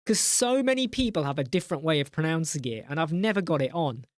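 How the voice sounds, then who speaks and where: A man's voice: fairly high pitch, lively intonation, quick pace, no room sound, studio quality. A man hosting a casual live chat, rambling and joking, reading out viewer names in a mock-exasperated way. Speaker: live stream host.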